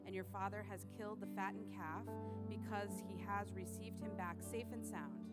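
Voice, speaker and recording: A woman reading a scripture passage aloud in a steady, measured way. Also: medium pitch. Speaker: scripture reader. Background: loud music.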